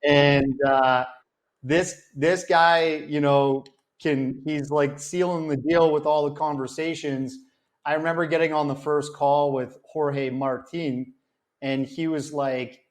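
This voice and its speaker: A documentary filmmaker chatting casually in an interview, acting out dialogue with lots of fillers. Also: male voice, fairly high pitch, a little slow. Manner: animated storyteller, acts out dialogue, many fillers.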